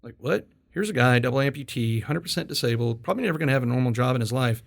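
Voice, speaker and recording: A man hosting an interview, telling stories in a casual, animated way, laughing and swearing as he goes. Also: medium pitch, racing, gravelly. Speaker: podcast host.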